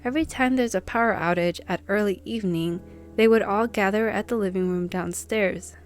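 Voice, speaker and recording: A woman's voice: mid-range voice, a little fast, faint music behind. A woman hosting a channel, reading viewers' submitted stories aloud and chatting casually about them.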